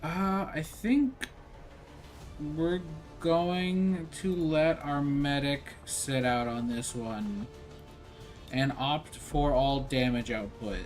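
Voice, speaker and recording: Casual male streamer, unhurried delivery, rambling and self-deprecating, faint game music behind. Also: a little high. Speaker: gaming streamer. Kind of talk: casual let's-play commentary.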